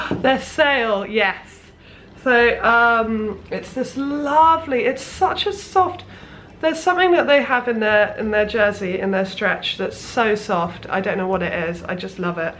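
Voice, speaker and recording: A woman's voice: fairly high pitch, a bit bright, a little hiss or hum. A young woman, a sewing vlogger, chatting casually at her parents' house with plenty of ums and restarts. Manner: chatty, rambling, lots of fillers. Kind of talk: casual chat.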